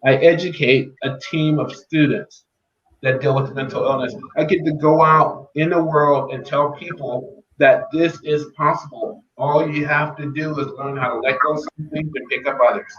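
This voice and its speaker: As a podcast guest, a man gives an earnest, faith-filled personal testimony, repeating key phrases for weight. His voice is a little high and fairly bright, with fairly even intonation and a moderate pace. The remote audio is echoey and dull, with a faint hiss.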